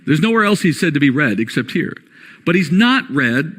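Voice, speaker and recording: A man's voice: fairly high pitch, big pitch swings, moderate pace, a bit bright, husky. A man giving a lecture-style Bible study, posing rhetorical questions and checking in with listeners. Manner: rhetorical questions, frequent "all right?" checks. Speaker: Bible teacher.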